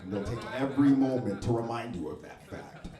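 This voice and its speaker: A man doing a stand-up set in a comedy club, deadpan and wry, with very crisp, proper diction. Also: mid-range voice, fairly quick. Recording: echoey club room.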